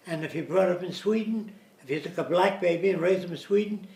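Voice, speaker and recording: A man's voice: sits high, brisk, gravelly, a little mellow. Man lecturing in an echoey room. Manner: explanatory, slips into mimicking accents. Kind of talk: informal lecture. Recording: roomy, distant mic, faint hiss.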